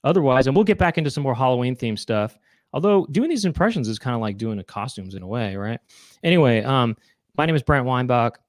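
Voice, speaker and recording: Male host, mid-pitched, dry close sound, casual rambling delivery. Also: expressive, fast talker, no room sound. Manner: rambling, self-correcting, breaks into silly impressions. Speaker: show host. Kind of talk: casual live chat.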